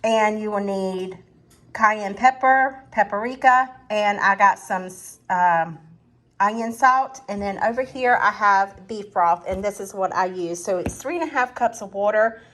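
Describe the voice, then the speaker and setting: A woman's voice: medium pitch, a little slow, fairly bright tone. A woman hosting a casual cooking vlog in her home kitchen, chatty and self-deprecating as she talks straight to her viewers. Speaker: cooking channel host. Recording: clear kitchen noise behind. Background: pots, pans and whisking.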